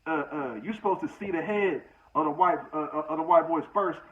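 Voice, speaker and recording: A man's voice: high voice, steady tone, brisk, close to an everyday voice. A man voicing a stern, respected older male inmate who lectures firmly, on tinny phone-like audio. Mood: stern, scolding. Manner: firm, lecturing.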